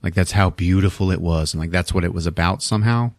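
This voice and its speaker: A man's voice: sits low, fast talker, no echo, studio quality. A man casually recapping a movie on a podcast, swearing a lot and acting out the characters' lines in put-on voices. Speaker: podcast host recapping a film.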